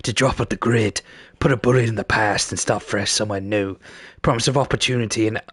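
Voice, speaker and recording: A man voicing a gruff cyberpunk narrator, reading game text aloud. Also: on the low side, fairly even intonation, brisk, background noise, natural voice.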